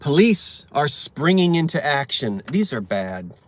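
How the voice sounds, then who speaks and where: Sitting in a parked car, this man talks casually and works through some groan-worthy jokes, fumbling words and mocking himself as he goes. He speaks a little slowly in a fairly high, sing-song voice, and the recording is dry.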